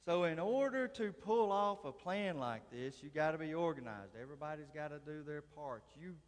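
This lay preacher has a fairly high voice with lively intonation and a normal speaking speed. He delivers a folksy sermon in a conversational, drawling way with dry humor, and the long reverb of a large hall colors the recording.

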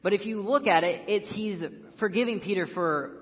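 A man's voice: high voice, moderate pace, long reverb tail, dull audio. A young man giving an informal personal sermon as a church speaker, earnest and casual, with lots of fillers.

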